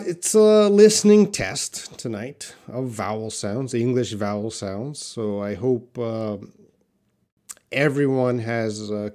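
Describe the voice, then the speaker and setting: A Canadian man hosts a live English lesson at an unhurried pace, explaining each step patiently. He breaks off often to answer viewers in the chat by name. His voice sits at an ordinary middle pitch. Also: darkish tone. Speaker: English teacher.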